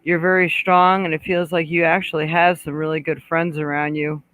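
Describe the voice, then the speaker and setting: Woman psychic, live-stream host, conversational and warm-toned chatter, dry close-miked recording. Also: low voice, level tone, moderate pace, dry recording, poor audio. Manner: chatty, reads out viewer comments, relays spirit messages; frequent throat clearing and small laughs. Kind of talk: casual live-stream chat and card reading.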